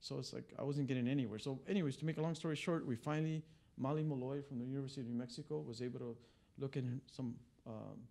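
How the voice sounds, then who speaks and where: A male attorney speaks to the press in a loose, story-telling way, stumbling through restarts and filler words. His voice has a gravelly, creaky edge, and sits at an ordinary middle pitch for a man. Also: fairly even intonation, fast, mellow. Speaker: immigration attorney. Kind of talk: press briefing talk. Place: press club briefing room.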